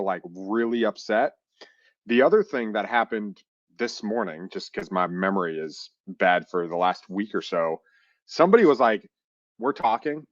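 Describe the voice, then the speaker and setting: A man co-hosting a podcast in casual chat, telling stories in an animated way and acting out phone calls. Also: fairly low pitch, no echo, lo-fi sound. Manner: animated, acts out phone calls, says "dude" and "like" a lot. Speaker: podcast co-host and real estate investor.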